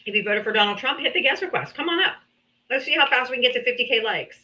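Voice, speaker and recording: A woman hosts a live political debate stream, teasing and sarcastic in a casual way and talking down to people in the chat. Her voice is a little high, bright and pushed, with lively intonation and fast delivery, over dull lo-fi stream audio.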